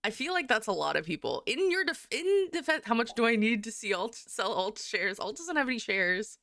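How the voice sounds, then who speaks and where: A young woman artist livestreams herself drawing, chatting casually in a fairly high, very animated and fairly bright voice at a fairly quick pace. She's giggly and rambling, laughing frequently, and there's no room sound.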